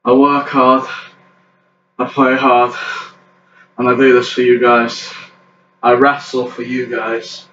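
A man hosting his own channel, calling backyard wrestling play-by-play with excited exclamations over the action. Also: medium pitch, takes it slowly, pauses often, slight background noise. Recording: echoey, distant, dull lo-fi camera sound.

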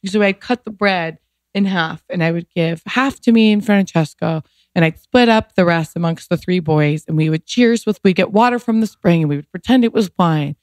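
A woman's voice: lowish voice, moderate pace, a little mellow, no echo, clean studio sound. Emotional woman telling a personal story. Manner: emotional, rambling, heavy use of "like". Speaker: podcast guest.

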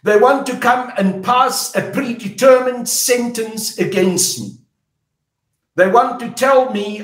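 Older South African man, angry and defiant, high voice, slow emphatic delivery, echoey room. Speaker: politician. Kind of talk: angry public statement.

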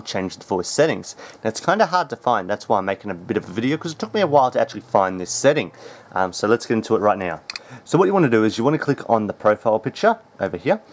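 A man hosting a casual tech how-to, talking in a relaxed, chatty way with plenty of ums. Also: lowish voice. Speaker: tech tutorial host.

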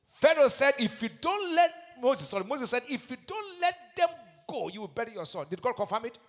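Pastor preaching loud, high voice swinging all over, big church echo. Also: male voice, big pitch swings, moderate pace. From Nigeria. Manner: preaching with sudden shouted peaks and scripture recitation. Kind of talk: fiery sermon. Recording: long hall reverb.

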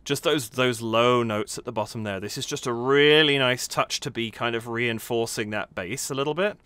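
A man's voice: mid-range voice, moderate pace, clean tone, no room sound. A man hosting a reaction video, talking enthusiastically and laughing often as he comments on a song. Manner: animated, enthusiastic, laughs often, hums rhythms. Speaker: host reacting to a music video.

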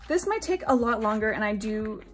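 A young woman from Singapore chatting casually while unboxing albums, giggly and gushing, now and then breaking into high squeals. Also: animated, a little fast, soft background music. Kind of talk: excited casual chat.

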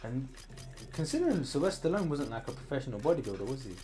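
A man with a British accent giving casual commentary while he plays a video game. He is chatty, then drops into quiet muttering while he concentrates. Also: mid-range voice, sing-song, quick pace. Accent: British English. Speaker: gaming streamer.

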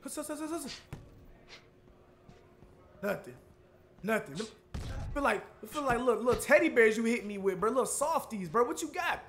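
A man's voice: very high voice, animated, moderate pace, pauses often, a bit bright, slight background noise. A man trash-talking his opponent while playing a boxing game, taunting and grunting punch noises. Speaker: gamer streamer. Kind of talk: live trash-talking gameplay commentary.

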